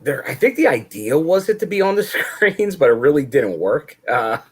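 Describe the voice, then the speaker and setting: A man's voice: fairly high pitch, very animated, normal speed, breathy edge. A man co-hosting a casual podcast, hesitant and repeating his words. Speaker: podcast co-host.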